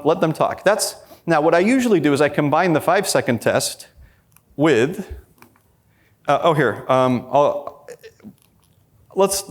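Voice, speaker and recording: A man presenting a conference workshop, talking energetically and addressing the audience directly. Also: medium pitch. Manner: quotes imagined people in a raised voice.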